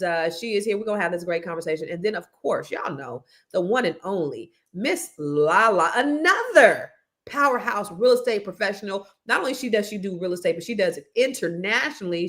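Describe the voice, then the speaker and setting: A woman's voice: medium pitch, animated, brisk, fairly bright tone. A woman from California hosting a casual panel talk show, chatty and playful. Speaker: host.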